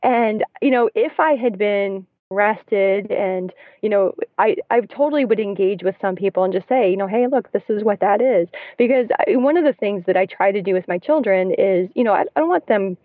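A woman's voice: mid-range voice, normal speed, few pauses, no echo. A woman in her thirties, a guest in casual conversation, talking in a chatty way with many fillers and restarts, recorded from her car. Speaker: podcast guest, parent. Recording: tinny phone-line sound.

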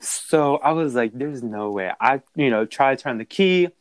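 A young man telling a story in a casual, animated and profane way, with a background. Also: mid-range voice, normal speed, smooth, no echo, clean studio sound.

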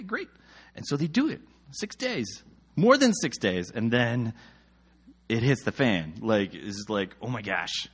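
Animated, husky-voiced man telling a Bible story. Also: mid-range voice. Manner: animated, slangy, acts out quoted voices. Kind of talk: casual retelling of a Bible story.

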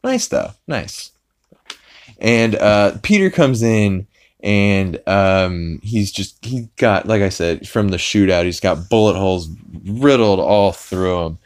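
Deep-voiced rambling podcast host. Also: male voice, slow, smooth. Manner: rambling, many fillers and restarts. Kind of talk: casual episode recap.

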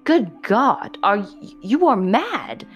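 A woman's voice: low voice, big pitch swings, a little slow, warm tone, highs cut off, faint music behind. A woman voicing a frightened old father who speaks unsteadily and stammers. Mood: alarmed. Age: older.

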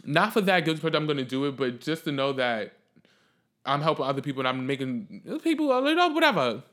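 A man telling a story in a casual vlog rant, profane and animated, swinging from loud outbursts to quiet reflection. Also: mid-range voice, fast.

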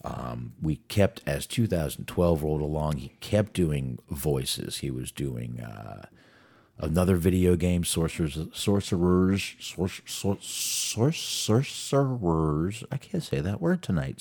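A man's voice: a bass voice, lively intonation, a little slow, creaky, mellow, slightly rough. A man hosting a show, chatting casually and rambling, often stumbling over words and restarting. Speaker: podcast host. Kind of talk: casual career rundown.

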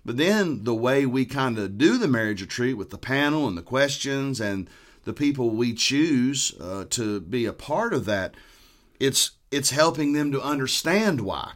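A man's voice: medium pitch, big pitch swings, measured pace. A man, a pastor speaking earnestly and quoting scripture in conversation. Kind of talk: conversational preaching.

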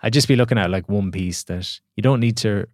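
A podcast guest who works as a coach chats casually, his fairly low voice moving at a brisk clip. He's an animated storyteller who acts out the voices in his stories, and the recording is dry and studio quality.

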